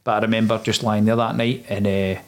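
Low-voiced Scottish man telling his story. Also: little pitch movement, brisk. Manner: low-key, plain-spoken, recounting events in long runs. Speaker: former soldier guest. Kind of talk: casual interview storytelling.

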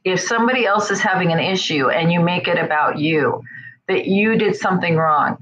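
A woman's voice: on the low side, normal speed, low-quality recording. A woman giving a conversational self-help talk, speaking straight to her listeners and often checking in with "right?". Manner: animated, acts out quoted voices.

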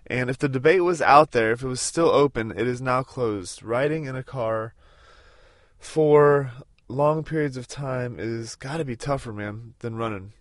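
A man's voice: medium pitch, a little slow, no room sound. Casting: man in his thirties, podcast host, casual road-trip chat, dry close sound, rambling. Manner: rambling, with many fillers and restarts.

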